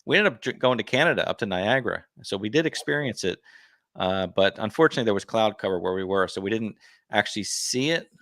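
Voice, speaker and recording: Lower-voiced man hosting a livestream, dry sound. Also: expressive, fast, fairly bright tone, no echo. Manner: friendly, chatty, upbeat announcements. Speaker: livestream host.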